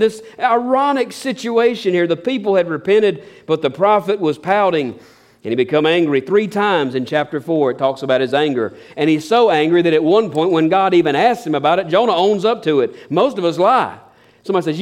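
A man preaching a sermon in an animated, humorous, folksy way. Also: a little high, brisk. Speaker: pastor.

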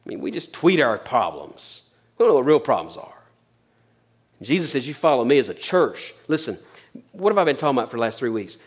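A man preaching a sermon as pastor, talking plainly and dropping his voice low on key points. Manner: conversational preaching, sudden drops to near-whispers.

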